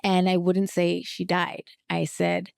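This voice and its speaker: A woman's voice: on the low side, monotone, slow pace, gravelly, clean tone, dry recording, studio quality. A woman in her forties hosting a podcast, chatting expressively and laughing often. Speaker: podcast host. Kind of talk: casual podcast interview.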